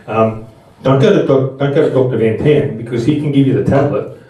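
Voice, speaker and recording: A middle-aged man with a mellow, medium-pitched voice talks fast, telling anecdotes to a live audience at a Buddhist seminar in a conversational style with many restarts. He's recorded from a distance in a very echoey room.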